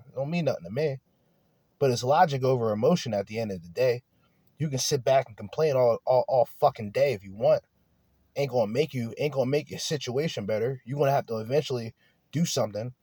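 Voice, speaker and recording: A man's voice: medium pitch, darkish tone, no room sound, studio quality. A man talking in a blunt, profane, rambling monologue, restarting his sentences often, in a casual chat. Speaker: podcast host.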